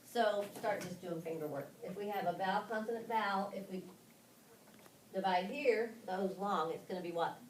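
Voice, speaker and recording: A woman's voice: medium pitch, normal speed. A woman leading a phonics lesson for teachers, patient and questioning as she walks through each step. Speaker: teacher trainer. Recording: echoey room from far off, background noise.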